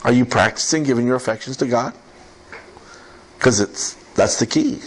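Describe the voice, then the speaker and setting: A man preaching a sermon as pastor to a congregation, in an animated, conversational way with quick asides. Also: mid-range voice. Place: church service with congregation.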